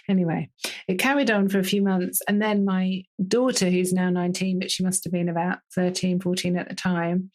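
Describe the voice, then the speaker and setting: British woman in her fifties, lively storyteller. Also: mid-range voice, a little fast. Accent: British English. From Britain. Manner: lively, laughs often, tells stories with quoted speech. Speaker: doctor being interviewed. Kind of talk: candid conversational storytelling.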